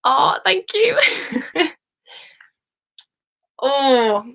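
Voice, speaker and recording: A woman's voice: sits high, sing-song, drawn-out words, creaky, fairly bright tone. A woman from Wales, hosting a casual live stream, chatting easily, laughing often and reading out viewer comments.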